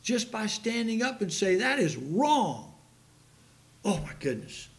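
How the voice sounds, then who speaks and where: A man's voice: high-pitched, very animated, slow. An older man preaching a sermon, impassioned and emphatic, stumbling over hard names as he reads scripture aloud. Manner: emphatic, impassioned, with sudden loud outbursts.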